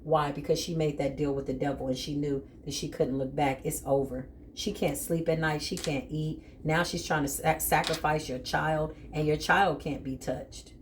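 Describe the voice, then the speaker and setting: Woman, low pitch, emphatic, spiritual tarot reading, faint background noise. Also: fairly even intonation, moderate pace, few pauses. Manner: blunt, emphatic, talks straight to the viewer. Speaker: tarot reader.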